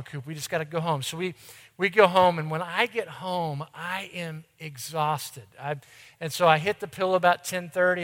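High bright-voiced man telling a story. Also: big-room sound. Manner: conversational, self-deprecating storyteller. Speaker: church ministry director. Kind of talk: sermon storytelling.

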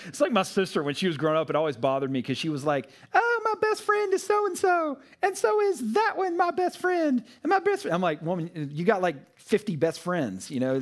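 Guy preaching casually, chatty and animated, mid pitch, talking to a room full of people. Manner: conversational, animated retelling with asides and laughs. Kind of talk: casual sermon. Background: live audience.

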